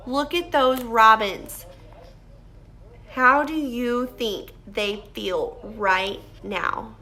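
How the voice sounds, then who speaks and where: A woman teacher reading a picture book aloud to children, pausing to ask questions and explain. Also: on the high side, pushed and bright.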